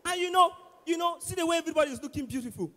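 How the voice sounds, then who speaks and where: A man with a Nigerian accent doing loud, animated stand-up comedy at a church service, acting out his exchanges with a pastor. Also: very high voice, rapid-fire. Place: large church auditorium. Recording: echoey hall with long reverb.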